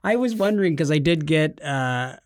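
A man's voice: on the high side, lively intonation, normal speed, no room sound, clean studio sound. A man co-hosting a casual gaming podcast, teasing his partner and cheering him on with playful enthusiasm. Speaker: podcast co-host.

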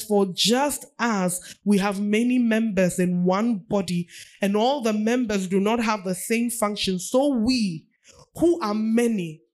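A woman's voice: mid-range voice, a little mellow. A woman pastor preaching a sermon, repeating phrases for emphasis.

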